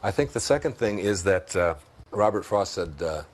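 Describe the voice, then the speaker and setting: Speaking with lively intonation at a moderate pace, this fairly low-voiced interview guest shares spiritual reflections in his Detroit accent. He's thoughtful, and laughter frequently breaks into his storytelling.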